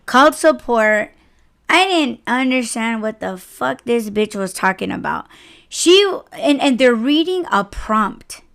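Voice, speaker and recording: Woman podcast host, delivery driver, casual profane rant, smooth clear voice. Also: a little high, unhurried. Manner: profane, exasperated, animated retelling.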